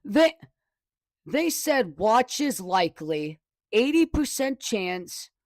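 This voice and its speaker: A high-pitched man talks through a home weather live stream. He rambles, backtracks and corrects himself, sounding excitable. His voice is recorded close on a desk microphone in a dry room. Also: takes it slowly, no room sound.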